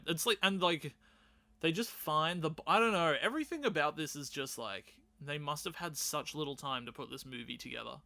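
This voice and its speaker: A man with a bright, forceful voice sitting a little high for a man. He co-hosts a casual film chat, riffing, joking and breaking into laughs. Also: brisk, gravelly. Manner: jokey, laughs often, riffs with silly voices. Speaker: podcast co-host.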